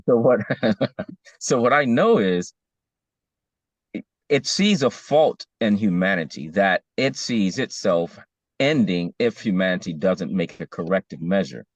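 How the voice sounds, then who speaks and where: A man's voice: deep voice, animated, unhurried, no echo, lo-fi sound. A man in casual discussion as co-host, talking emphatically, his voice rising when he is stirred.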